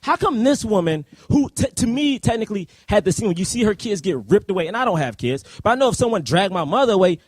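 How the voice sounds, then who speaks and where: A man co-hosting a live podcast discussion of a film, talking in an animated, rambling way with many fillers and laughs. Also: sits high, fast, few pauses, no room sound. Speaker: podcast co-host. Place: live event at a university.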